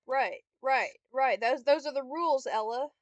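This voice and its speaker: A woman's voice: high voice, moderate pace, no echo. A young woman giving casual gameplay commentary, swearing and snapping frustrated insults at a computer opponent. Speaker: gamer vlogger.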